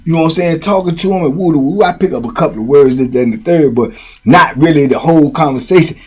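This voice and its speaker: A man's voice: a little high, fast, a little mellow, slightly rough. A man hosting and telling prison stories in a casual, streetwise way, full of slang and check-ins with the listener. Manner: streetwise slang, frequent "you know what I'm saying". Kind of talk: casual storytelling monologue.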